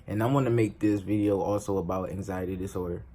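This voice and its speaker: Slangy young man with a lowish voice. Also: fairly even intonation, quick pace, dark tone. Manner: loose, slangy, emphatic, profane. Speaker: vlogger. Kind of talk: casual talk to camera.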